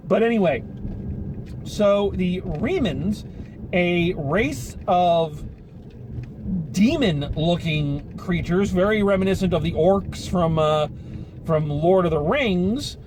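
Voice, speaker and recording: A man's voice: high-pitched, animated, slow, pauses often. A man giving a rambling, sarcastic spoken film review, casual and swearing now and then. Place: car while driving home. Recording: car cabin with road noise.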